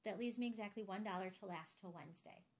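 A woman's voice: mid-range voice, fast, a little mellow, lightly acted. A woman voicing a weary, worn-out mother. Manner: tired, pleading.

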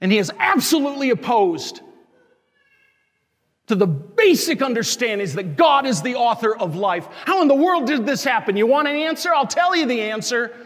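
Male priest, high-pitched, angry emphatic homily, long church echo. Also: big pitch swings, normal speed, a bit bright. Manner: impassioned, scolding, emphatic preaching. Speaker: Catholic parish priest. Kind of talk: sermon.

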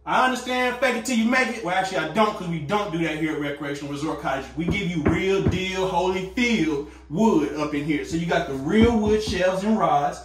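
A man's voice: high-pitched, fairly bright tone, reverberant, recorded from a distance, slight background noise. A man hosting a casual sales walkthrough of a tiny home, with upbeat salesy patter, talking to viewers as guys. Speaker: tiny home company host. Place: inside a small furnished tiny home.

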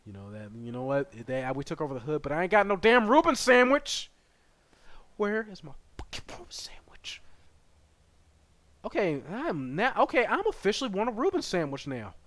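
An excitable man calls his gameplay live and trades banter with chat. His voice sits high and swings wildly, with a bright, sharp edge. He often bursts into loud yelling. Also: brisk, hardly any pauses. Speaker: gaming streamer.

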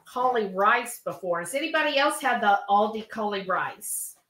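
A woman's voice: mid-range voice, expressive, moderate pace, a bit bright. A woman hosting a cooking livestream, chatting casually and reading viewer comments aloud.

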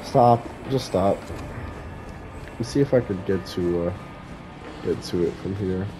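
Man, gameplay commentary, cursing at enemies, low voice, game music playing behind. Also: a little slow. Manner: swears heavily, shouts at enemies, then mutters to himself. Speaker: gaming streamer.

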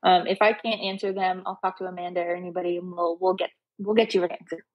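A woman's voice: lowish voice, level tone, fast, highs cut off. A woman guest on a casual live audio chat, a nuclear engineer who talks in an easygoing, chatty way.

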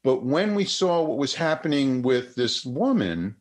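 A man's voice: medium pitch, big pitch swings, unhurried. An older man, a psychotherapist and researcher, telling a story in an interview with many restarts and acted-out quotes.

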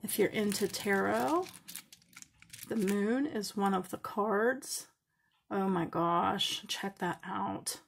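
A woman unboxing beads in a craft vlog, gushing with excited exclamations and now and then dropping to a whisper. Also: medium pitch, slow, gravelly, husky. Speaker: craft vlogger.

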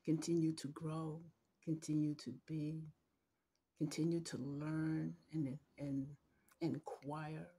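Tearful, slow-speaking middle-aged woman. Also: low voice, level tone, dark tone, a little hiss or hum. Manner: slow, tender, halting, drops to a whisper. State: emotional, holding back tears. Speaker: mother addressing her adult son. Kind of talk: heartfelt personal video message.

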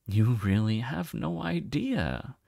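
A man voicing a mysterious telepathic dragon who speaks slowly, in a teasing, amused way. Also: fairly low pitch, very animated, mellow, dry recording, clean studio sound, full character voice. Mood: musing. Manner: slow, teasing and musing.

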